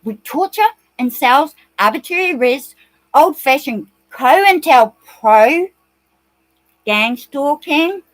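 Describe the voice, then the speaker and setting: A woman's voice: high voice, fairly bright tone, no room sound, low-quality recording. A woman with a New Zealand accent, ranting agitatedly in a rambling monologue and swearing often.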